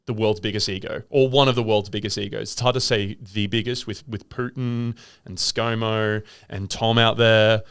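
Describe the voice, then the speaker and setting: A man's voice: lowish voice, fairly even intonation, normal speed, few pauses, fairly bright tone, clean tone, no echo. A man co-hosting a podcast in casual, rambling chat, riffing and throwing in impressions. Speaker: podcast co-host.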